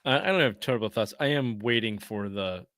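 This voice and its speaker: Man, sports podcast host, blunt, swears, bright forceful voice, dry sound. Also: fairly low pitch, fairly quick, no room sound. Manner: blunt, opinionated, swears freely. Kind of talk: casual sports podcast chat.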